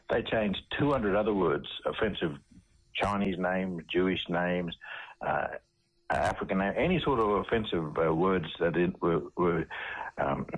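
A very low, husky-voiced man recounts his experiences as an interview guest. He speaks haltingly, with frequent restarts, yet lands each point with emphasis. The sound is dull and muffled, as heard over a radio broadcast. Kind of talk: recounting personal stories on radio.

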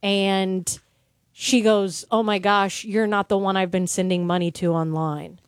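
A woman's voice: medium pitch, measured pace, clean tone, no echo, studio quality. A woman co-hosting a radio show, telling stories in casual chat and acting out the people she quotes. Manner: animated storyteller, acts out quoted voices.

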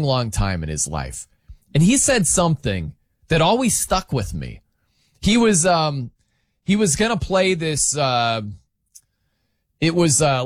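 Animated, emphatic male sports talk host. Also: a little high, dry recording, clean studio sound. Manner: animated, emphatic, rambling with restarts. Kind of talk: opinionated sports commentary.

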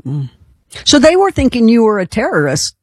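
High-voiced male interviewer, dry sound. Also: huge pitch swings, moderate pace, husky, dry recording. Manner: short encouraging reactions. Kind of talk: casual chat.

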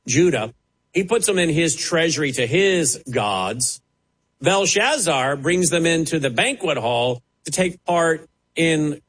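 A man's voice: fairly high pitch, fairly bright tone, breathy edge, rough recording. A man preaching a televised sermon with impassioned delivery and dramatic rises and drops in his voice.

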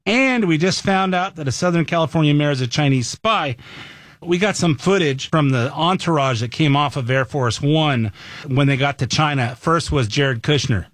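A man's voice: a little high, moderate pace, fairly bright tone, no room sound. A man hosting a talk show, giving conversational, opinionated commentary into a studio mic.

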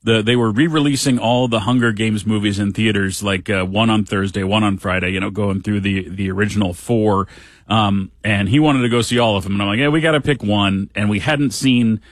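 Briskly and in a fairly low voice, a middle-aged man on his radio show spins a casual story with dry wit, chatting along and voicing the quoted lines. The recording is dry.

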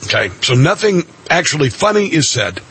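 A man's voice: a little high, very animated, fairly quick, a bit bright, husky. A man hosting a radio commentary show, mocking and sarcastic, with lots of filler sounds.

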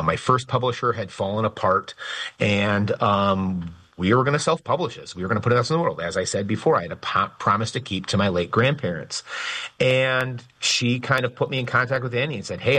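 A man, a graphic novel writer who also teaches, talking as a guest in a casual radio interview, animated and enthusiastic, with frequent restarts and fillers. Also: lowish voice, a little fast.

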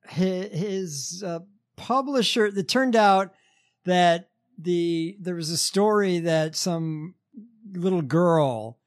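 A man hosting a podcast in casual chat, halting and wry. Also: sits high. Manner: halting, many fillers, wry. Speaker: podcast host.

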